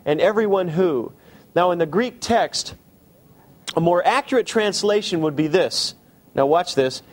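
A man preaching a sermon, asking the congregation direct questions and slowing down for emphasis. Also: high-pitched, animated. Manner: shifts between quick asides and slow emphasis. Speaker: pastor.

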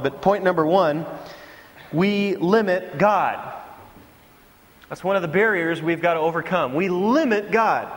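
Man preaching, pretty high voice, tells stories and does little mocking voices, big hall echo. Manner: animated storytelling with mocking impressions. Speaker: pastor. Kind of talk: sermon.

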